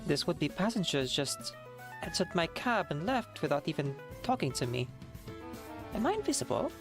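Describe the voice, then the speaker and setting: A woman voicing a kind, easygoing woman taxi driver in a fan game dub, with a plain, gently wry way of talking. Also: sits low, big pitch swings, moderate pace, music in the background, voice pushed down.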